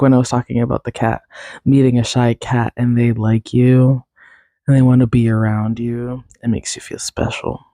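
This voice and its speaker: Raspy, congested young woman host. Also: rumbling low, dark tone, no room sound, studio quality. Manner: rambling, filler-heavy, self-deprecating. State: congested, recovering from a cold. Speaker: podcast host. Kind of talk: casual solo chat.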